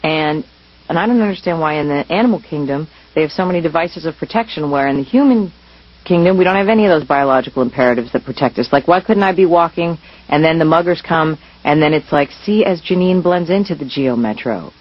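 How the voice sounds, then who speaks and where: A woman doing a dry, deadpan stand-up routine. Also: low voice, fast, dull audio. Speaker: stand-up comedian. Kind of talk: stand-up monologue.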